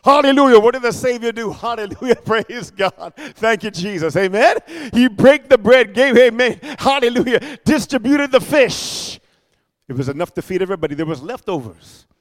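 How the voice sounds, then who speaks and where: A man preaching a sermon, calling for responses from the congregation and punching key words loudly. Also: extremely high pitch, lively intonation, normal speed, big-room sound. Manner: call-and-response, loud bursts on key words.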